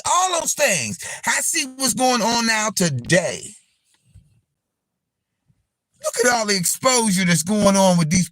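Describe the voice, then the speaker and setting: A man hosting a live stream, giving a casual, preachy rant to his viewers, swearing freely and dropping gospel phrases, swinging between shouts and low asides. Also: no echo. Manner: uses profanity and gospel phrases. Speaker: livestream host.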